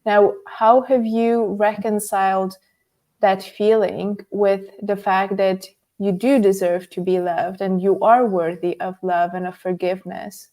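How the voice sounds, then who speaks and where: A woman hosting an interview, asking her guest questions in a gentle, measured way. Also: mid-range voice, level tone. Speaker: interview host.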